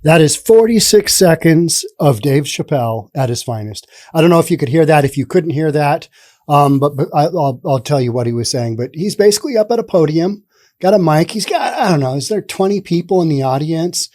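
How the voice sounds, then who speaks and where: Brief: man hosting news commentary, mellow warm voice, slightly high, rambling and sarcastic. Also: animated, brisk. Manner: conversational, rambling, sarcastic asides.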